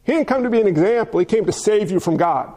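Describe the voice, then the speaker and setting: Male pastor with a very high voice, preaching emphatically and asking rhetorical questions. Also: expressive, fast, mellow. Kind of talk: sermon.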